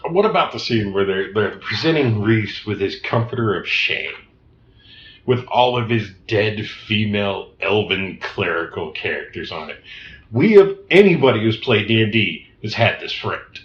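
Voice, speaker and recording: A man co-hosting a casual film review podcast, animated and laughing often as he acts out scenes. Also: lowish voice, normal speed. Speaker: podcast co-host. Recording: echoey room, dull lo-fi sound.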